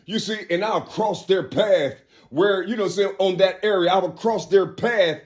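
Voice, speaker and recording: A man talking straight to camera in a rambling monologue, constantly adding "you see" and "you know," restarting phrases and breaking into laughs. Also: normal speed. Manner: laughs between phrases, drops suddenly low and quiet. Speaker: vlogger.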